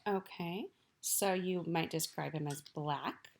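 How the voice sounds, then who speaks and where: A woman teacher reading poems aloud and gently encouraging children to write their own. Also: low-pitched, slow pace.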